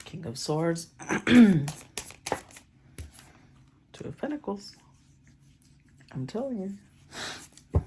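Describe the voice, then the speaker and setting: A woman giving a casual tarot reading, thinking aloud, often clearing her throat and murmuring as she names the cards. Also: mid-range voice, big pitch swings, extremely slow, long pauses, mellow, a little hiss or hum. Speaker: tarot reader.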